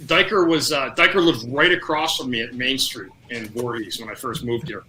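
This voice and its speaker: A middle-aged man, a former hockey player, telling lively anecdotes on a podcast, acting out quotes and laughing often. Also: medium pitch, moderate pace, slight background noise, low-quality recording. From Canada. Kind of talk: casual storytelling.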